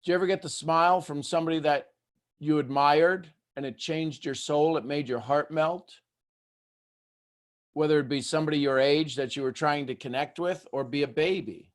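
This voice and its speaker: A man hosting a motivational talk, firing rhetorical questions at listeners and swinging between hushed asides and loud bursts. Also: fairly high pitch, normal speed. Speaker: host.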